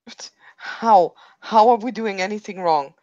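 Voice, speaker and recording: A woman's voice: medium pitch, a little slow, mellow, dry recording, highs cut off, lightly acted. A woman playing a frightened young woman held captive, pleading and stammering in a tabletop game. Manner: pleading, stammering, repeating herself.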